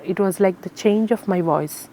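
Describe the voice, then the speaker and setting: A woman's voice: mid-range voice, moderate pace, mellow, slight background noise. A woman from Kerala, a Carnatic singer answering interview questions in an earnest, explanatory way with many fillers. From Kerala, India.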